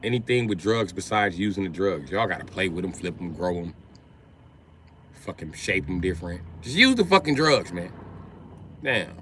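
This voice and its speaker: A man streaming live, riffing through a profane comic rant in an animated, swearing manner. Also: sits low, moderate pace, slight background noise. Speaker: comedian streamer.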